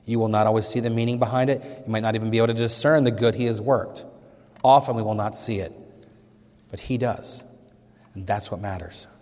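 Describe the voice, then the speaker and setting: Preaching earnestly, a man with a lowish, slightly mellow voice keeps a steady tone and a fairly quick pace, rising emphatically as he quotes scripture. He is a pastor, and his sermon rings with a hall's long reverb.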